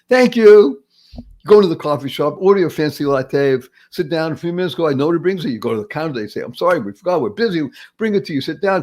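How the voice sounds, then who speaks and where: Upbeat motivational male podcast host. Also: fairly high pitch. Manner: enthusiastic, punning, acts out little scenes.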